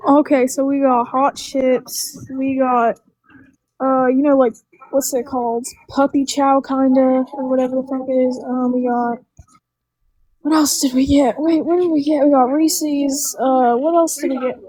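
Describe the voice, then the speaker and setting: A woman in her late teens calls in and rambles through her story in slang, swearing freely as she goes. Her voice sits high and bright in a dry recording. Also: steady tone, measured pace, no echo, low-quality recording. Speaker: caller. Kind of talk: casual chat.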